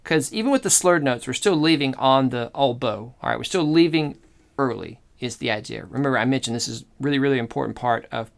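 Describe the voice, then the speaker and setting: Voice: mid-range voice, gravelly, a bit bright. A cello teacher giving a demonstration lesson, explaining step by step, thinking aloud and often checking in with the listener. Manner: explanatory, checks in often with "okay?" and "all right?"; thinks aloud and corrects itself mid-sentence. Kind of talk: online music lesson, demonstrating.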